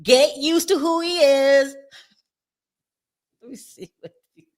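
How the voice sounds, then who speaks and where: A woman hosting a casual gossip chat, animated and laughing often as she talks straight to her viewers. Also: sits high, takes it slowly. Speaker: show host.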